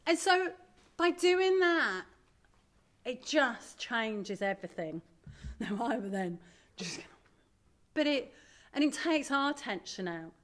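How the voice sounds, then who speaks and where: A middle-aged woman giving a candid, animated talk to an audience as a parent. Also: a little high. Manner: animated, candid, self-deprecating. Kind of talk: live presentation to an audience.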